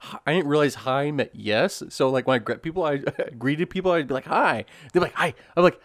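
An animated man tells a funny story in casual conversation and laughs often. His voice sits a little high for a man. The sound is close and dry. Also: fairly quick, no room sound. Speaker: co-host, storyteller. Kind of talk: casual chat.

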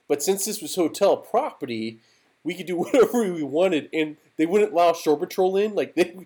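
A young man on a casual podcast, telling stories at an easy pace. His voice is a little higher than most men's. He chuckles often and fills his talk with likes and you knows. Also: animated, normal speed, dark tone, slightly rough. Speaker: podcast co-host. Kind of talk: casual chat.

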